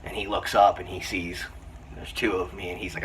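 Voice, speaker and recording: Excited, rambling man reviewing a film. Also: low-pitched, brisk. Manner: excited, rambling retelling with many restarts. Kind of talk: casual spoken film review. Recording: slightly distant mic, faint room hiss.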